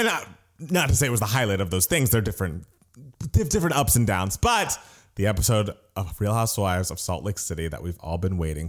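A man animatedly telling a story as he recaps a reality TV episode in casual chat, swearing now and then. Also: fairly low pitch.

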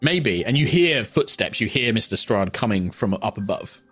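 A man's voice: on the low side, expressive, normal speed, a bit bright, breathy edge, dry recording, soft background music. A man narrating as game master in a tabletop game, rambling with many fillers.

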